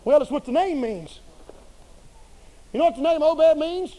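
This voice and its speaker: A man preaching a sermon in a folksy, humorous and colloquial way, swinging between quiet asides and loud bursts. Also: very high-pitched, animated, moderate pace, low-quality recording.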